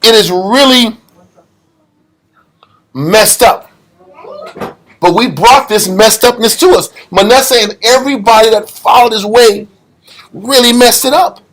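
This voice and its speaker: A man's voice: high voice, a little slow, pauses often, fairly bright tone. A man leading a group scripture study, preaching in a blunt, emphatic way with street slang. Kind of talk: informal Bible study sermon.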